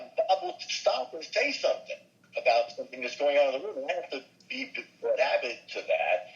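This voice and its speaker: A man's voice: a little high, dull audio. An older man, a voice actor and comedian, telling show-business stories in an interview and slipping into character voices. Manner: animated, slips into character voices. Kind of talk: anecdotal interview storytelling.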